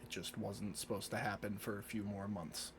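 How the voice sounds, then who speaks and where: A man's voice: fairly low pitch, steady tone, moderate pace, noisy background. A man at a tabletop game describing his character's actions in first person, in a laid-back manner with loose fillers. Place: home streaming setup.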